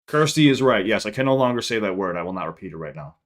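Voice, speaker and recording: A man's voice: fairly low pitch, expressive, fast. A young adult man from the Chicago area, hosting a casual live-stream podcast and reading out chat questions in a loose, profane, rambling way.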